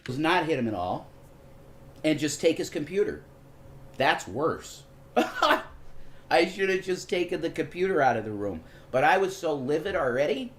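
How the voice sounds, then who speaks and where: A man's voice: a little high, very animated, moderate pace. A man speaking bluntly and defensively, swearing as he denies the charges, in a clip played on a stream.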